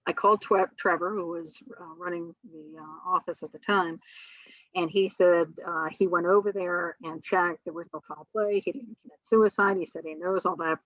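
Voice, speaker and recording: Low-voiced woman telling a personal story. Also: steady tone, normal speed, a bit bright, dry recording, highs cut off. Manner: rambling, many fillers and restarts. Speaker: guest.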